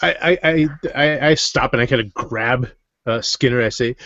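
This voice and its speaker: A man's voice: mid-range voice, moderate pace, fairly bright tone, dry recording. A man playing a tabletop game, stammering and flustered as he describes his character. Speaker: player. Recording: dry lo-fi audio.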